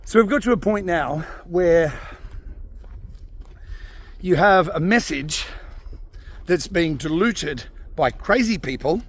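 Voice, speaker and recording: A man's voice: sits high, expressive, slow pace, long pauses. A man ranting in a vlog, angry and swearing, with frequent sighs. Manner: angry, sighing, swearing rant. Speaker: vlogger. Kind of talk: ranting commentary.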